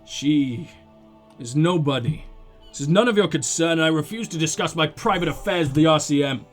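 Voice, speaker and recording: A man's voice: on the high side, normal speed, faint music behind, voice pushed down, lightly acted. A man voicing a proud, stubborn old male guard who talks with aloof dignity.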